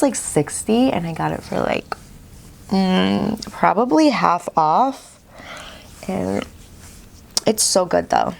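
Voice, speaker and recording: Mom doing a chatty makeup vlog, kinda gravelly, says you guys a lot. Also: female voice, lowish voice. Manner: bubbly, keeps saying "you guys". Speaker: beauty vlogger. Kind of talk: chatty get-ready-with-me makeup talk.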